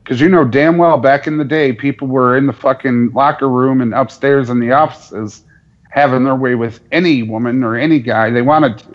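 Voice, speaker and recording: A man's voice: mid-range voice, moderate pace, dull audio. A man in casual sports chat as a podcast co-host, sarcastic and joking.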